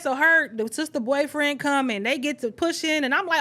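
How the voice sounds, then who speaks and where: A woman's voice: sits high, normal speed, few pauses, pushed and bright. A woman telling a story in casual chat, acting out every quote with animation. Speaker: podcast co-host.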